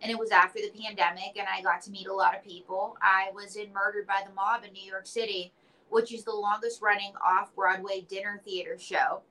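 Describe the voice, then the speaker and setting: A woman's voice: medium pitch, steady tone, fairly quick, bright, forceful tone, rough recording. A woman being interviewed, chatting casually and telling stories with playful acted quotes. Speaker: interview guest, entertainer and author.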